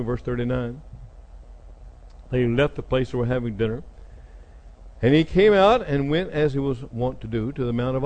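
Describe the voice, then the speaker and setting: A man's voice: mid-range voice, muffled recording. A middle-aged man preaching a sermon, retelling scripture dramatically and voicing the people in it. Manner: dramatic retelling, acting out speakers with sudden loud jumps.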